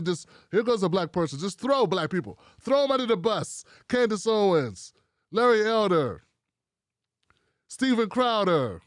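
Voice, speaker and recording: High-pitched dude riffing on the news, mocking and repeating lines, dry close sound. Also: male voice, dry recording. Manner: animated, mocking, repeats himself. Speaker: commentary show host. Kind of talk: casual commentary.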